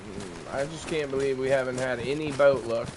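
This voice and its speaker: A man's voice: medium pitch, moderate pace, background noise. A young adult man streaming a survival game, chatting casually with jokes, swearing and frequent laughter. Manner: joking, swearing, laughs often. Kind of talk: casual gaming livestream chat.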